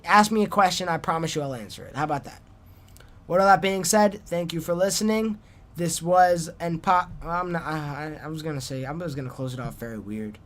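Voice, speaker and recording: A man's voice: fairly high pitch, fairly quick, fairly bright tone. A young man hosting his own solo wrestling podcast, rambling casually and poking fun at his own awkward sign-offs. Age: young adult. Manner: rambling and self-deprecating, trailing off in restarts. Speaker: podcast host.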